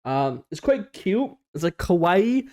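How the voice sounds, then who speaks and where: A young man hosting a casual storytime vlog, slangy and animated, swearing often and acting out what people said. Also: sits high, slow pace. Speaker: storytime YouTuber.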